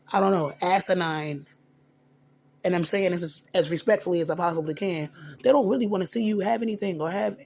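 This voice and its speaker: A man's voice: high voice, a little mellow. A man vlogging in a casual personal monologue into a phone, rambling with frequent restarts and repeated words.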